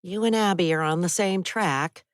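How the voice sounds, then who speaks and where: A woman narrating a first-person thriller audiobook in a steady, even way on a close studio mic. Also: lowish voice, normal speed, smooth, no room sound.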